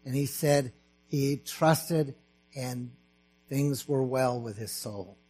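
A man preaching a sermon as pastor, slow and emphatic, rising to fervent preaching. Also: medium pitch, mellow.

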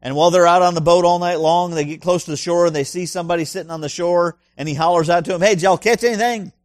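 A man's voice: a little high, flat delivery, fast, dry recording, studio quality. A male pastor preaching a sermon in an emphatic way, full of rhetorical questions and punchy asides.

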